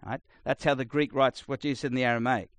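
A middle-aged man preaching a sermon, blunt and conversational, swinging between loud emphasis and quiet asides. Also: mid-range voice, steady tone, fast, no echo. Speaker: pastor.

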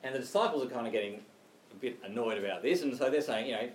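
A man's voice: mid-range voice, lively intonation, fast talker, slight background noise. Chatty man preaching a sermon. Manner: conversational, chatty with frequent "right?" and "you know". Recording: roomy, distant mic with faint ambience.

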